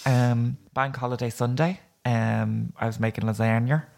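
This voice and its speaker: An Irish man co-hosting a podcast, telling a story with animated quoted voices. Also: medium pitch, normal speed, creaky. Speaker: podcast co-host. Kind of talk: casual chat.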